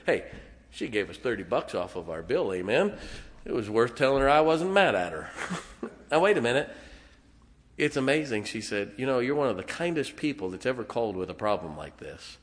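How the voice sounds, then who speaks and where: Folksy pastor preaching in a reverberant hall. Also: male voice, fairly low pitch, sing-song, moderate pace. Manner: folksy, self-deprecating, chuckles often. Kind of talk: sermon.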